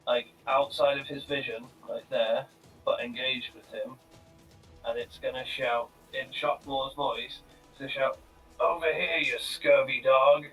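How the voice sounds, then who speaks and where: A man playing a tabletop game, thinking aloud in a halting, casual way. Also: medium pitch, flat delivery, fairly bright tone. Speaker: player. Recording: distant mic with faint music.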